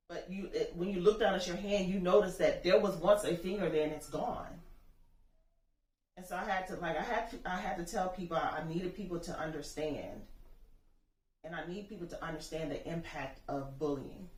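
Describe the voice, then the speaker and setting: A woman's voice: lowish voice, normal speed, darkish tone. Earnest grieving mother, distant roomy sound. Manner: earnest, emphatic, building to passionate appeals. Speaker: bereaved mother interviewee. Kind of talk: personal testimony.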